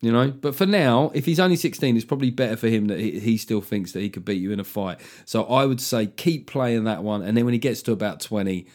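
A man's voice: lowish voice, fast, hardly any pauses, a little mellow. A middle-aged man hosting his own solo podcast, chatting casually and comically, swearing freely and slipping into voices for a joke. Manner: sweary, jokey, throws in voices for effect. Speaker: podcast host.

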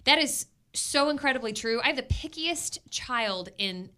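A woman radio DJ chats with an enthusiastic, bubbly energy. Her voice is high and bright. She talks casually with her co-host and callers. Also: expressive, moderate pace.

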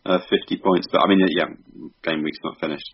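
A man co-hosting a casual podcast in a relaxed, dry way. His voice sits very low and sounds husky. The audio is dull and lo-fi. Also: brisk. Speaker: podcast co-host. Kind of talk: casual chat.

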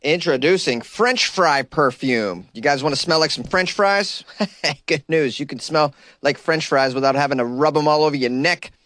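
A man's voice: on the high side, fairly even intonation, fairly quick, fairly bright tone, no echo, clean studio sound. A man hosting a podcast, giving loose comedic commentary, laughing often and mocking quotes in silly voices. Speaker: podcast host.

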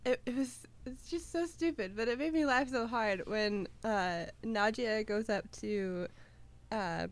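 A woman's voice: a little high, unhurried. A young woman co-hosts a casual podcast and gushes about what she has watched. She giggles often and fills her talk with "like" and "um". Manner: giggly, gushing, lots of fillers. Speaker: podcast co-host. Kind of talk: casual chat.

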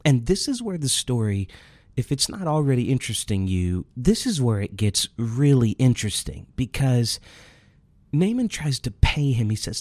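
Dry-voiced man preaching, animated storyteller. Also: medium pitch, measured pace, no echo. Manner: animated storytelling, acts out the characters' lines. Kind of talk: sermon teaching on a Bible story.

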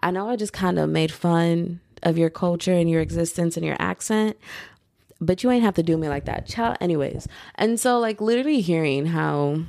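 Low gravelly rambling woman. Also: moderate pace, darkish tone, dry recording. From United States. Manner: rambling and slangy, heavy on filler "like". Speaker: podcast host. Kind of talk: casual podcast monologue.

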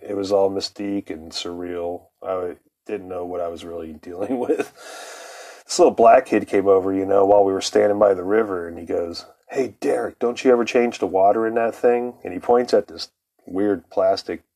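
A man's voice: deep voice, warm tone. A man tells a long, swearing-laced personal story in loose, rambling fashion. He often chuckles mid-sentence, and his voice sometimes drifts away from the microphone. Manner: profane, rambling, laughs often.

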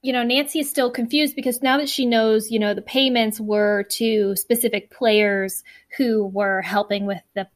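A woman's voice: fairly high pitch, steady tone, moderate pace, no room sound. A woman co-hosting a podcast, recapping a book casually with lots of fillers. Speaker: podcast co-host.

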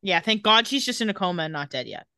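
A woman's voice: medium pitch, fast, no echo, clean studio sound. A woman co-hosting a podcast, animatedly retelling TV scenes and quoting the characters' lines in casual chat. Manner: animated retelling with quoted dialogue. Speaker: podcast co-host recapping a TV episode.

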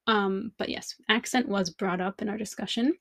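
Woman podcaster with vocal fry. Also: medium pitch, steady tone, moderate pace, a bit bright, no echo. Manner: thinking aloud with many rhetorical questions. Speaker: podcast host and language teacher. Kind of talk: reflective podcast monologue.

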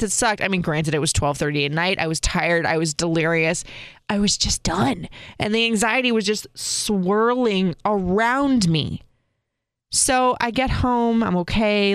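Candid woman telling a story, smooth voice. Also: mid-range voice, no room sound, clean studio sound. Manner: candid and expressive, talks straight to viewers. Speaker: vlogger. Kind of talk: casual personal storytelling.

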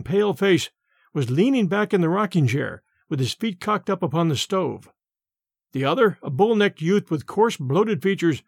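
A man hosting and narrating a classic story aloud with an expressive, dramatic reading. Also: fairly high pitch, no echo, studio quality. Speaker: host and narrator. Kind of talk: audiobook narration.

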